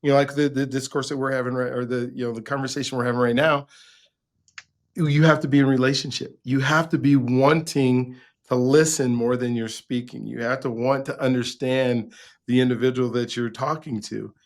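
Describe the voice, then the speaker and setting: Eager interview host asking rambling questions. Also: male voice, mid-range voice, steady tone, moderate pace. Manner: enthusiastic, rambling questions with many fillers. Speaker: podcast host. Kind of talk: conversational interview.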